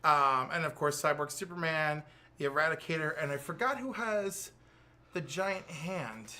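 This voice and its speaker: Animated higher-voiced American man recapping. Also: normal speed. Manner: animated storyteller, acts out character lines with big pitch jumps. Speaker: co-host. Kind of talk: casual comic book recap.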